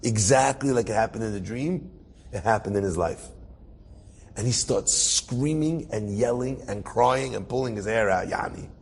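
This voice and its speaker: A man's voice: lowish voice, normal speed. A man, a rabbi, telling a story aloud and acting out its characters with rising emotion. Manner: animated, acts out the characters' voices with rising emotion. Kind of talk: storytelling talk. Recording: husky voice in a reverberant hall.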